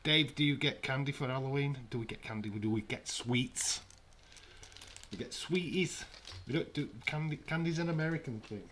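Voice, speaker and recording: A man giving jokey, casual commentary on a live watch-along stream from his flat. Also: on the high side, fairly quick, slight background noise. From United Kingdom. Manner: jokey, banters with chat. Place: home, in a flat.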